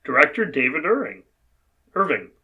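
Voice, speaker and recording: A man's voice: on the high side, sing-song, normal speed, phone-quality sound. Wry man co-hosting a movie review. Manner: wry, sarcastic. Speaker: podcast co-host. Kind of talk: casual movie review chat.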